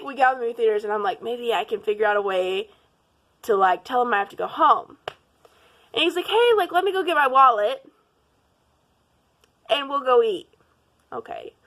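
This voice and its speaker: A young woman vlogger telling a casual storytime, acting out quotes and laughing as she goes. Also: a little high. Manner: animated, laughing, acts out quotes.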